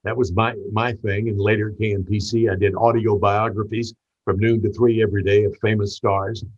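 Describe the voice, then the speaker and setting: An older man with a gentle Southern drawl, spinning a long anecdote and stumbling over restarts as he goes. His voice is slightly husky, and the recording sounds a little dull and lo-fi. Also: lowish voice, level tone, a little fast. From Tennessee. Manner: warm anecdotal storyteller with repeated restarts. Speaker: guest, veteran radio DJ. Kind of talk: storytelling interview.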